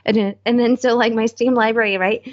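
A woman co-hosting and producing a podcast, chatting in a rambling, excitable way and acting out what people said. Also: fairly high pitch, a little fast, highs cut off. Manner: rambling, excitable storyteller who acts out quotes. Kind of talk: casual chat.

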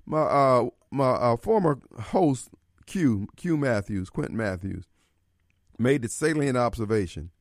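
A man's voice: mid-range voice, expressive, measured pace, no echo, studio quality. A man hosting a call-in radio talk show, joking loosely in street slang with frequent laughter.

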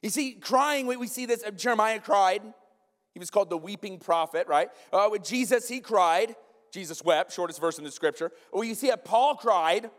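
Male pastor, sermon, emphatic and conversational, slightly high voice, long church reverb. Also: moderate pace. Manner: animated, emphatic, conversational with frequent asides to the congregation. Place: church sanctuary.

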